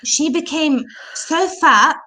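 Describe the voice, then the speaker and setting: Woman, British accent, interview guest, slightly high voice, hesitant, lots of restarts. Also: slow pace. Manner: hesitant, many restarts and "you know", animated when quoting others. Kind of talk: personal story in interview.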